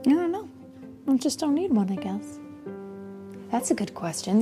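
A woman's voice: sits high, sing-song, moderate pace, long pauses, over music. A woman reading a picture book aloud to children, stopping often to chat and explain. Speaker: storyteller.

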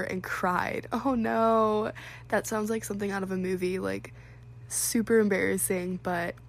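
Reading out embarrassing stories sent in by viewers, this young vlogger chats casually at a medium pitch. She responds with frequent giggles and plenty of "like"s.

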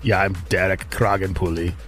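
A man's voice: deep voice, measured pace, a bit bright, soft background music. A man playing a tabletop game, joking around in a playful way. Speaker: player. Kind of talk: tabletop role-play podcast.

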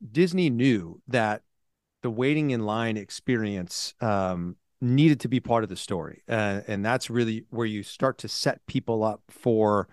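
Brief: upbeat male co-host, slightly low voice, dry close mic. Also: measured pace, no echo. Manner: enthusiastic and upbeat. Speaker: podcast co-host. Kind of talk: casual chat.

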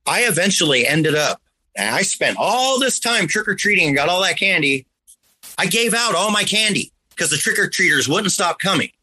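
A man's voice: sits high, expressive, normal speed, pushed and bright, slight background noise, poor audio. A man earnestly telling a personal story in a rambling, conversational way, now and then making sound effects.

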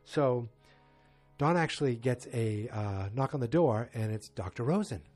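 A man casually retelling a TV episode in a rambling, halting way. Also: mid-range voice, expressive, a little mellow, faint music behind. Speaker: TV episode recapper. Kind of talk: casual spoken episode recap.

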